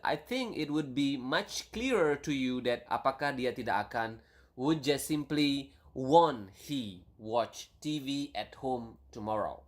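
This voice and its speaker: A man teaching an online language lesson, explaining step by step and slowing down to stretch key words, with many fillers and restarts. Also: mid-range voice.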